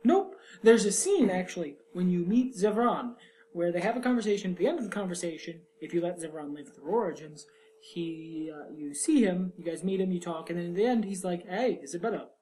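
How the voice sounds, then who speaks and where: A man co-hosting a podcast, telling stories in a quick, wry and irreverent way. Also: high voice, expressive, mellow, slight background noise. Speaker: podcast co-host. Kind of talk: casual podcast chat.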